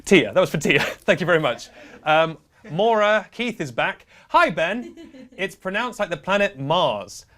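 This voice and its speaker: A man's voice: high-pitched, normal speed. A young man hosting a comedic charity live stream, playful and prone to laughing. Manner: playful, giggly, animated banter.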